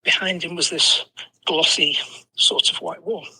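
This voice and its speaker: Bright, husky English man in his sixties. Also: on the high side, unhurried, rough recording. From England. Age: 60s. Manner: animated anecdotal telling with self-deprecating laughs and frequent "you know". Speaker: podcast guest. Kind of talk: storytelling in conversation.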